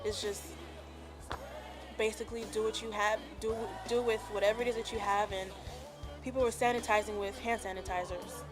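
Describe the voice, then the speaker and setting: A woman's voice: mid-range voice, steady tone, moderate pace. A young woman chatting casually and telling of her own experience, full of fillers like "like" and "um". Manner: chatty, lots of "like" and "um". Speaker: interviewee. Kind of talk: casual personal account. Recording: music playing underneath.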